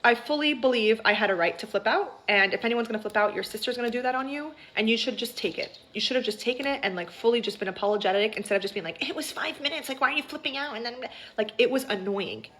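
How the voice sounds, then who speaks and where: A woman's voice: fairly high pitch, fast, hardly any pauses, a bit bright, rough recording. A woman vlogger telling a story in a heated, indignant rant, full of "like" fillers.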